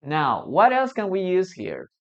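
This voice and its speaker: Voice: mid-range voice, huge pitch swings, measured pace. An English teacher from Peru with a Spanish accent, a native Spanish speaker, giving a live lesson and patiently repeating examples, often checking with "okay?" and "no?". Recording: slightly muffled streaming audio.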